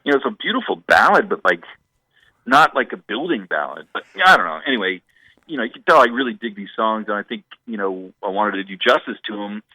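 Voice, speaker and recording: A man's voice: fairly low pitch, animated, quick pace, bright, forceful tone, no echo, poor audio. A man, a musician guest, telling stories in a rambling stream-of-consciousness way during a radio interview.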